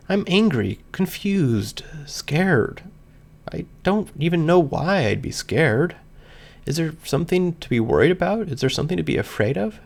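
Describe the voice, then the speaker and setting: A man with a gravelly voice reading a first-person story aloud in an earnest, emotional way. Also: on the high side. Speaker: reader. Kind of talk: scripted fan fiction narration.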